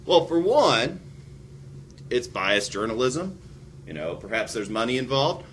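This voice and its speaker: A male teacher gives a recorded history lecture with a lively, swooping delivery. He breaks into sarcastic asides, and his voice sits at an ordinary middle pitch. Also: measured pace, pauses often, slight background noise.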